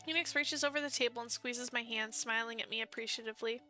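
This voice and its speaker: A woman's voice: on the high side, steady tone, quick pace, bright, forceful tone, faint music behind. A young woman streaming a dating sim, reading its lines aloud and breaking off into exasperated, fangirling reactions from her desk at home.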